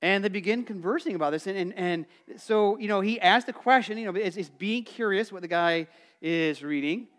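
Middle-aged male pastor, high and animated, chatty sermon delivery. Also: moderate pace. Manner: conversational, animated, acts out quotes; calls for congregation responses.

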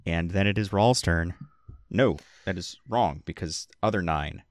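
A man with a low-pitched voice narrates a tabletop game as its game master. He talks in a relaxed, hesitant way, full of fillers. The sound is dry and close. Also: a little slow, no room sound.

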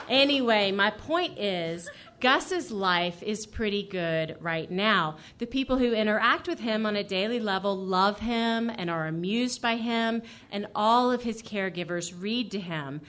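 A woman in her thirties reading her personal essay to a live audience. Her delivery is dry and wry, steady and conversational. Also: mid-range voice, a little slow. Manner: dry, wry humor, brief laughs. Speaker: featured reader.

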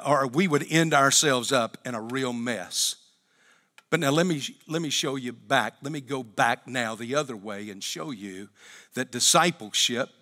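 A pastor preaching a sermon in a church, with an emphatic, repetitive cadence. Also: male voice, fairly high pitch, pushed and bright. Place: church sanctuary. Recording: long hall reverb.

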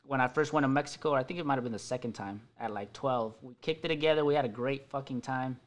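A man's voice: mid-range voice, fast talker, dull audio. A young man hosting a casual podcast, telling stories with frequent laughter and plenty of swearing. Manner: laughs often, swears a lot, animated storytelling. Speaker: podcast host. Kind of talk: casual stoner podcast chat.

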